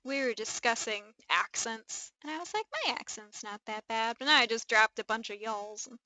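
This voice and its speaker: A young woman with a Midwestern accent chatting on a live stream, excitable and gushing, rambling with lots of fillers. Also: fairly high pitch, moderate pace, no room sound, rough recording. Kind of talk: casual live-stream chat.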